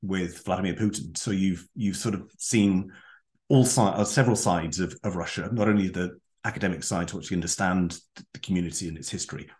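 A man hosting an interview, asking long questions in a halting way with repeated words. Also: deep voice, darkish tone. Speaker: podcast host.

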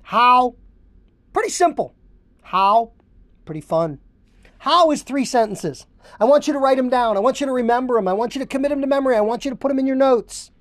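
A woman's voice: high voice, lively intonation, brisk, no echo. A woman hosting a podcast, coaching haircutters and drilling phrases word for word with emphatic repetition. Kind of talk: instructional podcast monologue.

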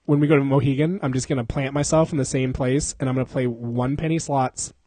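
A man's voice: mid-range voice, fairly even intonation, fast talker, mellow, no echo. A young man co-hosting a podcast in casual chat, rambling and profane, laughing often and slipping into silly voices. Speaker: podcast co-host.

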